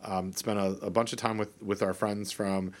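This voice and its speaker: A man's voice: lowish voice, level tone, moderate pace. A middle-aged Canadian man co-hosting a podcast in casual chat, rambling with many restarts and fillers. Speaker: podcast co-host.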